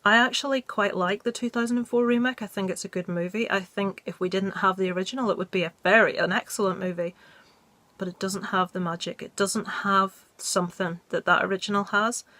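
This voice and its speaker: A woman's voice: lowish voice, a bit bright, dry recording. Blunt, jokey woman chatting about films. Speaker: movie review vlogger. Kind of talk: casual chat.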